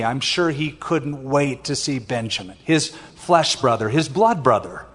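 A man's voice: mid-range voice, animated, measured pace, few pauses, a bit bright. A male pastor preaching an expository sermon, reading scripture aloud and then explaining it in a conversational way. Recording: long hall reverb.

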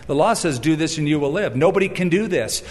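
A man preaching a sermon, animated and storytelling, who acts out the voices he quotes and breaks in with wry asides. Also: on the high side, quick pace, long reverb tail. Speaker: pastor.

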